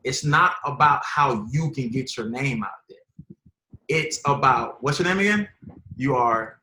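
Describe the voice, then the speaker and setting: A former pro football player and college coach in casual, emphatic conversation with high school athletes. He speaks informally with slang and repeats himself as he tells stories and gives advice. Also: lively intonation, a little slow, pushed and bright, a little hiss or hum. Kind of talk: casual motivational storytelling. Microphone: video call. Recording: echoey room over a video call.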